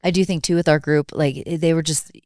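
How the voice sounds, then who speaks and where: A woman, a snowmobile riding instructor, telling a story in casual podcast chat, relaxed and full of fillers. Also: deep voice, fast, dry recording, studio quality.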